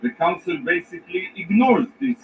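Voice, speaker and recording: A man giving a formal, prepared speech to a council as an ambassador, emphatic and indignant, with measured pauses. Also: high-pitched, creaky. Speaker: ambassador addressing the Security Council. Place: large council chamber. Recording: distant, dull rebroadcast with faint noise.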